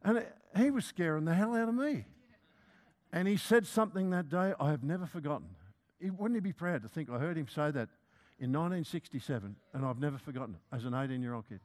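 An older preacher with a fairly high-pitched voice tells a sermon story about himself. He pokes fun at himself as he goes, and the congregation gets a laugh along the way. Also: expressive, quick pace, darkish tone. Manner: humorous, self-mocking storytelling.

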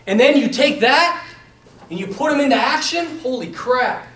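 A young man teaching a class in a lively, animated way, talking to his students as "man" and "you guys.". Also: extremely high pitch, moderate pace. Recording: echoey room, mic from a distance.

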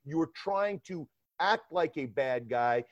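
A middle-aged man from Georgia with a New York accent, a former federal agent telling stories in an interview with emphatic, animated delivery. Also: on the high side, takes it slowly, no echo. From Atlanta area, Georgia. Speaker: former FBI undercover agent, guest. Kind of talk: interview conversation. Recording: dull lo-fi dry sound.

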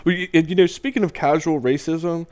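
A man's voice: on the high side, fairly even intonation, a little fast, a little mellow. A man hosting a casual podcast chat, laughing often as he retells movie scenes. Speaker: podcast host.

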